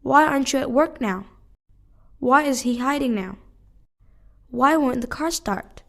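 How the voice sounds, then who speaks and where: Female English teacher, fairly high voice, careful measured delivery of practice sentences. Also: vocal fry, fairly bright tone. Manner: measured, careful reading of one question at a time. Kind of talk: reading drill sentences aloud.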